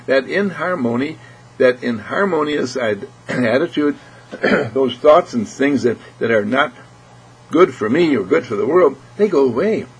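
A man giving an earnest inspirational spiritual talk, repeating phrases and often clearing his throat. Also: medium pitch, animated, a little slow, low-quality recording. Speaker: spiritual speaker.

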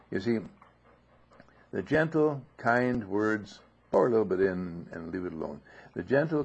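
A man with a somewhat low, husky voice gives an unhurried spoken teaching from a monastery dining room, posing rhetorical questions and telling homely stories. He clears his throat often. The recording is dull and lo-fi. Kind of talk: informal spoken teaching talk.

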